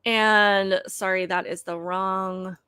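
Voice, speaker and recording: A woman's voice: mid-range voice, fairly even intonation, slow, pushed and bright, clear, resonant tone, no echo. A woman hosting a political commentary show, talking straight to viewers in an emphatic, critical way. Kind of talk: opinionated commentary to camera.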